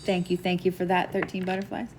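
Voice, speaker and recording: A woman's voice: fairly low pitch, completely flat delivery, fast, noisy background. A woman giving live psychic readings, casual and chatty, laughing and swearing now and then. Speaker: psychic medium.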